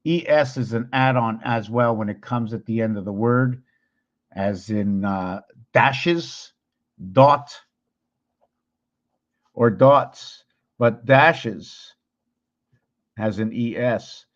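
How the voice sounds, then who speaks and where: A man explains number patterns at a mid pitch, thinking aloud as he works. He counts, pauses and corrects himself along the way. The recording is dull and lo-fi. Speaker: video host.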